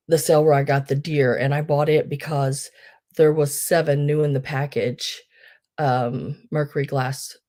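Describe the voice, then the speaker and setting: A woman's voice: deep voice, mellow. A woman hosting a live online sale, telling rambling, chatty stories full of fillers. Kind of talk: casual live-sale chat.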